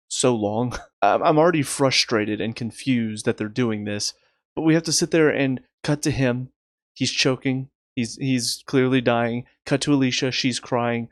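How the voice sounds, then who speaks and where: A man talks through his review of a TV episode at a middle pitch, sounding exasperated and sarcastic. He often restarts his sentences. The recording is dry and close, with no room sound. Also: no room sound. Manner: rapid recaps in a flat list. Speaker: TV review host. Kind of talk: casual video review.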